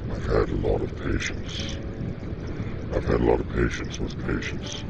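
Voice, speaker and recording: A man voicing a slow, condescending male psychiatrist with a deep gravelly voice. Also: wildly swooping pitch, dull audio, very noisy, full character voice. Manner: slow, gravelly, mocking politeness.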